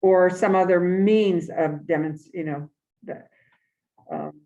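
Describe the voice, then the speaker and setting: Halting woman listing options at a meeting. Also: fairly low pitch, steady tone, dark tone. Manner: halting, lots of fillers, walking through options. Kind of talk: meeting discussion. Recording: dull lo-fi meeting recording.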